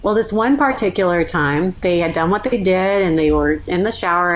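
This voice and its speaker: A woman guest on a podcast, telling a story in a lively, animated way and acting out the people in it. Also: on the low side, moderate pace, few pauses, a little hiss or hum, poor audio. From New Orleans. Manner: animated, acts out voices in her stories. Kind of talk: casual storytelling.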